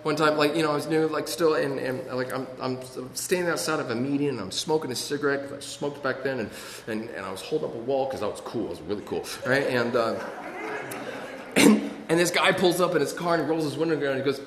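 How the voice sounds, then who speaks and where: A man's voice: medium pitch, a little fast, slight background noise. Man telling a story in an echoey hall. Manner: rambling, self-mocking storyteller with many fillers. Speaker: speaker sharing his recovery story. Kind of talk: storytelling talk to an audience.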